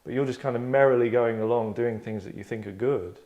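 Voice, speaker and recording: In a muffled recording, a middle-aged man with a dark, mid-range voice talks briskly. He's a writer and podcast host running a casual discussion, rambling and breaking off mid-sentence to act out lines.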